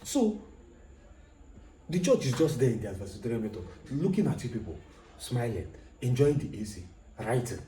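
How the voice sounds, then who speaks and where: A male law lecturer speaks in a mellow, unhurried voice, and he repeats key points and asks rhetorical questions. The room is echoey, with faint ambience behind him. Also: mid-range voice, very animated, slight background noise. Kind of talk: recorded lecture.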